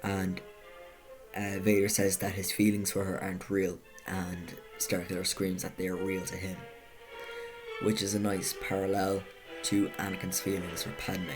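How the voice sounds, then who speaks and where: A man narrating a casual video essay, talking conversationally with self-correcting asides. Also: low voice. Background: music.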